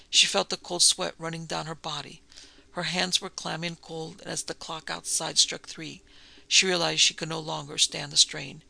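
A man narrating an old-fashioned ghost story in a measured, dramatic way. His voice is strongly gravelly and sharply bright, pitched a little high for a man. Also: low-quality recording. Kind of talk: storybook reading.

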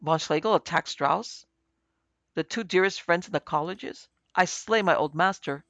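A husky, frantic German lecturer raves in a raised, gravelly voice, as a male narrator puts him on. He sounds gripped by terror and guilt, and faint music plays beneath him. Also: sits high, normal speed, a bit bright, no room sound, dull audio. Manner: frantic, raving.

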